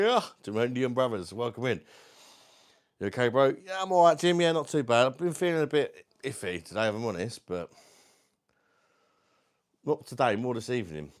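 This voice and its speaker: A man's voice: mid-range voice, big pitch swings, moderate pace, long pauses. A man with a London accent, casually chatting on a livestream at home, reading out viewer comments and calling everyone mate. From South East London. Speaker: livestream host.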